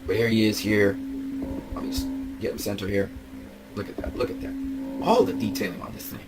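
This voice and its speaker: Young man, rapid excited vlog chatter, gushing, music in the background. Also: fairly low pitch, rough recording. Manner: gushing, breaks into laughs and shouts. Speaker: vlogger. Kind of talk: excited toy-collector commentary.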